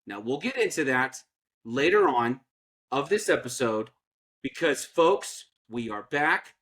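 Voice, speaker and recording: A man's voice: medium pitch, sing-song, measured pace, fairly bright tone. A man co-hosting a sports podcast, ranting sarcastically and putting on mocking voices. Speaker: podcast co-host. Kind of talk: opinionated sports podcast rant.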